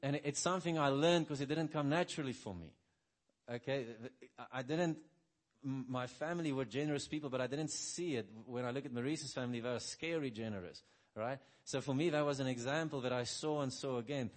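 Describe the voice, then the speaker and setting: A middle-aged man preaching a sermon full of personal testimony, talking conversationally and often checking in with "right?", dropping soft and low when quoting his own words. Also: brisk.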